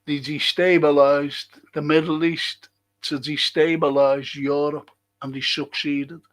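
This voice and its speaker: A man's voice: fairly high pitch, little pitch movement, a little slow. A man, older, hosting a podcast in casual rambling talk and chuckling through his stories. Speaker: podcast host.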